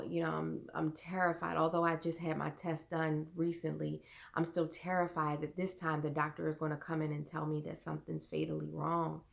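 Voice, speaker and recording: A young adult woman vlogger earnestly telling a personal story, halting and full of fillers. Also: low voice, creaky.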